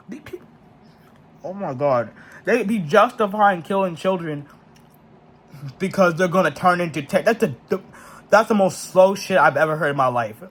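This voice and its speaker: A man's voice: high-pitched, animated, normal speed, long pauses, fairly bright tone. A young man ranting in a frustrated, profane monologue full of slang and restarts. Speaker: vlogger.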